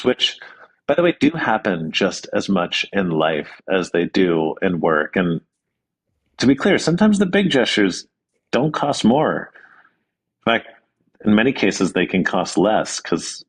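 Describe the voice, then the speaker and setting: A man, a guest author telling stories in a relaxed, earnest way, with frequent ums and restarts. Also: sits low, slightly rough. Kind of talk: conversational interview storytelling.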